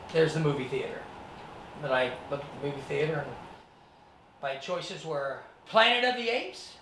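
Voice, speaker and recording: A high-pitched man tells his life story to students with dramatic, animated delivery. The sound is roomy and echoey, captured from a distant mic with faint background hiss. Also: moderate pace. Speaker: actor and martial artist giving a presentation.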